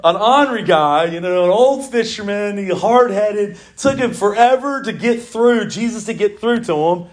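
A man, preaching an animated sermon in church as the pastor, telling stories and reading scripture. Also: high-pitched, moderate pace, few pauses. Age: 40s. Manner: animated storytelling preaching, mimics owl calls.

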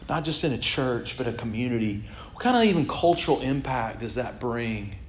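A middle-aged man preaching a sermon as pastor, in a casual, animated way with laughs and sudden shouts. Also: medium pitch, roomy sound, slight background noise. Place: church sanctuary.

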